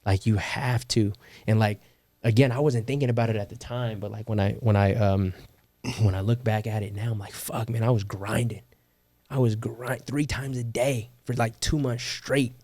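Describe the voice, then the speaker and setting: A man's voice: fairly low pitch, fairly even intonation, normal speed, mellow, no room sound. A young man from California, a podcast guest, telling his story in slangy, casual talk with swearing and bursts of laughter. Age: young adult. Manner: slangy, swears, laughs often, quotes people.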